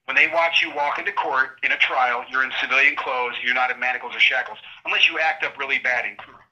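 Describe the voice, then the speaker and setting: A middle-aged man telling his own story of his trial in an animated, indignant way, acting out what guards and judges said. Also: medium pitch, fast talker, lo-fi sound. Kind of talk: passionate conversational account.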